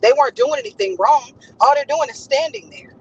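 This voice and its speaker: A woman with a high, Los flavored voice delivers passionate commentary as a host. She speaks emphatically and with indignation, repeating points for force. The audio is dull and lo-fi. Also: brisk. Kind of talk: casual commentary.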